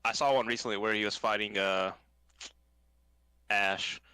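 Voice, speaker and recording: Young dude cohost, kinda low voice but bright, rambles with tons of likes and ums, dry mic. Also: male voice, fairly even intonation, measured pace, clear, resonant tone, no room sound, poor audio. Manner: rambling, lots of fillers and "like". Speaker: podcast co-host. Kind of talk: casual chat.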